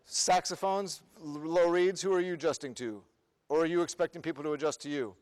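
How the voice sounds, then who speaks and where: A man running a band rehearsal in a large room with a long, ringing reverb. His voice sits a bit higher than most men's as he counts the players in and sings short rhythm syllables to demonstrate. Between run-throughs he fires quick questions at the ensemble. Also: a little mellow. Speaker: band clinician.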